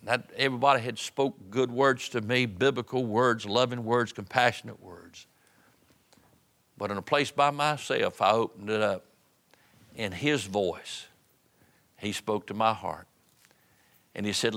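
A middle-aged preacher delivering a sermon with a bright, ringing tone. He drives through rhythmic lists of phrases, then drops to soft, hushed passages. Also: fairly low pitch, a little slow, pauses often.

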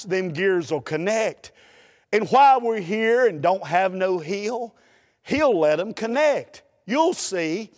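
A man, a preacher telling a humorous story in a folksy, animated way during a sermon. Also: high voice, in a large hall.

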